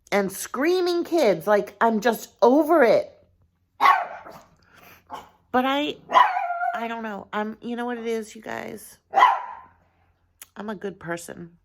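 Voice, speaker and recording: A woman's voice: fairly high pitch, fairly bright tone. A woman vlogger talking casually to her viewers, earnest and rambling, thinking aloud with frequent restarts and filler phrases. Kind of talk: casual talk to camera.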